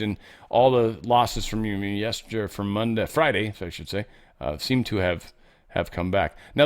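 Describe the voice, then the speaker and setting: A man hosting a solo commentary show, talking casually and sarcastically, swinging between loud outbursts and muttered asides. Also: lowish voice. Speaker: host of a political commentary show.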